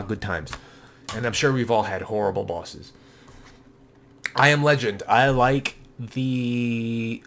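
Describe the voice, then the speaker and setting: Casual male vlogger, middle pitch, blunt and rambling, swears freely. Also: a little hiss or hum. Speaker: collector showing his movie collection. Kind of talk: casual vlog commentary.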